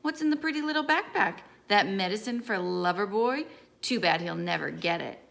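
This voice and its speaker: A woman voicing a cruel, taunting teenage girl fighter in an audiobook reading, with mocking, drawn-out taunts. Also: medium pitch, animated, gravelly, fairly bright tone.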